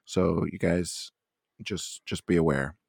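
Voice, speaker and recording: A man's voice: sits low, slow pace, vocal fry, a little mellow, breathy edge, no echo, clean studio sound. A man co-hosting a wrestling podcast, chatting casually in a wry, rambling way with fillers. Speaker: podcast co-host. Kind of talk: casual chat.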